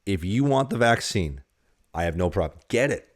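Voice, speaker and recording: A man's voice: on the low side, lively intonation, moderate pace. A man from Canada co-hosting a casual podcast, ranting bluntly and swearing freely. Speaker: podcast co-host.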